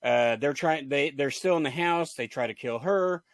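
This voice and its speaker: This is a man co-hosting a movie podcast, chatting casually. His voice sits a little high, and he rambles through plot points with false starts and laughs. The sound is dry and close, with no room around it. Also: normal speed, no room sound. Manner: rambling, trails off and restarts, laughs at bad lines. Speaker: podcast co-host. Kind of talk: casual movie review chat.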